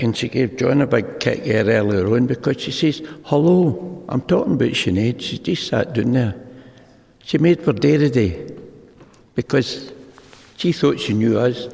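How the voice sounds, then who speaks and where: A man's voice: mid-range voice, creaky, darkish tone. An older man with a Scottish accent sharing his story at a recovery meeting, a rambling storyteller who acts out the dialogue. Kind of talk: personal testimony talk. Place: large meeting hall. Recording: long hall reverb.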